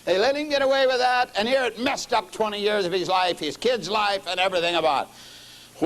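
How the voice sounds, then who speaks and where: A preaching man, his voice sitting a little high for a man. He tells his story in a sermon, sinking to quiet low lines and then lifting into emphatic passages. Middle-aged and practiced at the pulpit. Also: brisk, poor audio.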